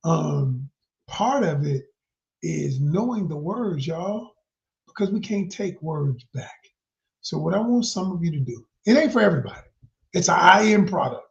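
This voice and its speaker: A man working as a relationship coach, talking emphatically to viewers and calling them y'all, swinging from loud to whispered like a preacher. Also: fairly high pitch, expressive, unhurried, creaky. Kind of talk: live-stream promotional talk. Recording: dull lo-fi sound.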